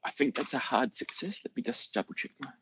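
A man's voice: medium pitch, sing-song, a little fast, pushed and bright, husky, dry recording, lo-fi sound. A man playing a tabletop game over an online call, matter-of-fact and methodical. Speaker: player.

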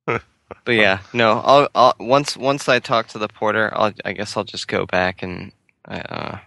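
Gravelly low-voiced man playing a tabletop game. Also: steady tone, a little slow, pushed and bright, no echo. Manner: easygoing, thinking aloud. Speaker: player.

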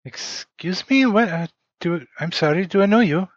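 A man's voice: sits high, expressive, normal speed, no room sound, lo-fi sound, pitched above the performer's own voice. A man voicing a reserved German woman in a diner, speaking in a German accent with a guarded, curt manner. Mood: startled.

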